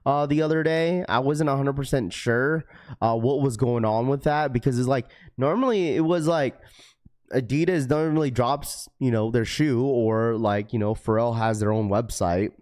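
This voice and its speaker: Brief: male livestream host, easygoing and chatty, mid pitch. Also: moderate pace, a little mellow. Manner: laid-back, many fillers, greets viewers by name. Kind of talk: casual livestream chat.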